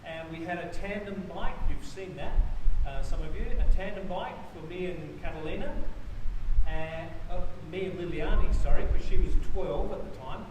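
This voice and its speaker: A man's voice: fairly high pitch, moderate pace. Man, pastor from Australia, conversational sermon, distant mic, very echoey church, audible background noise. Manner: anecdotal, conversational with self-corrections. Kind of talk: sermon with a personal story.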